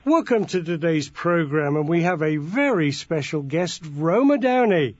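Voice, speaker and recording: An older man with a softened Birmingham accent hosts a radio interview in a higher voice. He sounds affable and relaxed. The recording is dry and a little dull. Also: moderate pace, no room sound, faint music behind. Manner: affable, laughs along with his guest. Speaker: host.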